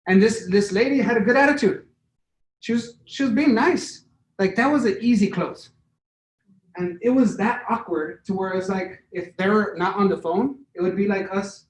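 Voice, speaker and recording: Heard from well back from the mic in a roomy, echoey space over faint background noise, a high-voiced man energetically runs an interactive sales training. Speaking at normal speed, he demonstrates and keeps checking in with "right?"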